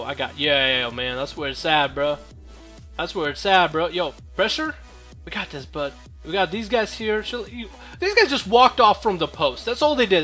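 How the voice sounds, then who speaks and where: High, bright-voiced young gamer man. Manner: joking, profane, rambling trash talk. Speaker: gameplay commentator. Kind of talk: casual gameplay commentary.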